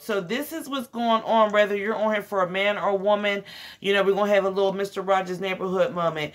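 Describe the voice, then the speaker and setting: Tarot reader, woman, raspy and worn out, loose slangy delivery, medium pitch. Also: steady tone, fast, slight background noise. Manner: loose and slangy, calls the listeners guys, honey and child. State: tired. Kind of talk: casual tarot reading.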